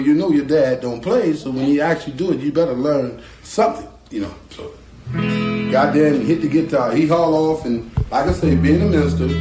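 A man from North Carolina, a guitarist telling a folksy story in an animated way, acting out the voices in it and chuckling often. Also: a little high. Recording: roomy echo.

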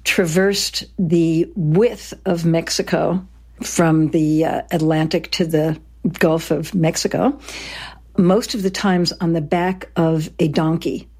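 A woman's voice: sits low, steady tone, takes it slowly, a little mellow, breathy edge. A woman co-hosting a history podcast, chatty, with fillers and personal asides. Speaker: podcast co-host. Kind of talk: conversational history storytelling.

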